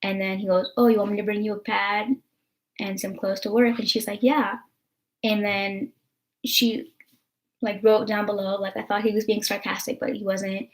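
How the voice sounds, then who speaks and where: A woman's voice: mid-range voice, little pitch movement, moderate pace. A young American woman vlogging in casual chat, rambling with lots of fillers and swearing.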